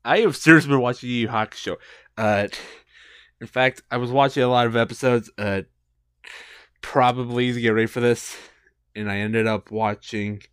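A man's voice: medium pitch, moderate pace, long pauses, fairly bright tone, clean tone, no echo, studio quality. A young man hosting a solo podcast, rambling and giggling between thoughts. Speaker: podcast host. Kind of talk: casual solo podcast chat.

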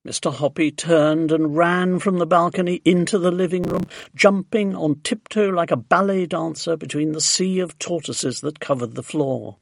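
A man narrating a children's storybook in a lively, expressive way. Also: on the high side, normal speed, creaky, few pauses, no room sound. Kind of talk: storybook reading.

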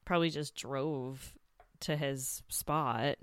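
Young woman cohost, low voice, dry close mic, chatty retelling. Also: slow, clear, resonant tone, no room sound. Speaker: podcast co-host. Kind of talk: casual TV recap chat.

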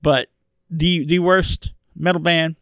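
A man's voice: fairly high pitch, level tone, takes it slowly, a bit bright, clear, resonant tone, dry recording. A man co-hosting a podcast in casual chat, ranting and joking with profanity. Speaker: podcast co-host.

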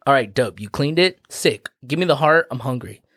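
A man voicing a hungry, dim-witted lion in a low, gruff, muttering voice. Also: lively intonation, normal speed, fairly bright tone.

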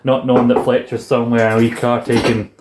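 Animated young man, echoey room. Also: mid-range voice, fast talker, background noise. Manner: animated, swearing, laughing often, acts out lines. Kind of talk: casual chat recapping a film.

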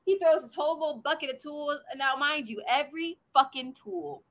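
A woman's voice: high voice, a little fast. A woman co-hosting a casual podcast, animatedly retelling a story with lots of swearing. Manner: animated storytelling, profane and laughing. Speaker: podcast co-host.

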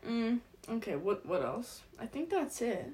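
A young woman of eighteen chatting casually with a friend, slangy and quick to laugh, sometimes mumbling her words together. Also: a little high, very animated, a little mellow. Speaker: podcast co-host. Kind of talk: casual chat.

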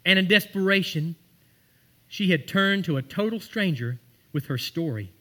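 A man preaching a sermon, weaving everyday stories into his message. His voice sits high and rings bright and forceful. He climbs to emphatic peaks when he quotes scripture. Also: expressive, moderate pace. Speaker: pastor.

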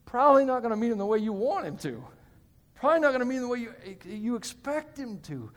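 A male pastor with a very high voice and big pitch swings talks fast through a sermon, the sound echoing in the hall. Between points he gets chatty, tossing joking asides to the congregation.

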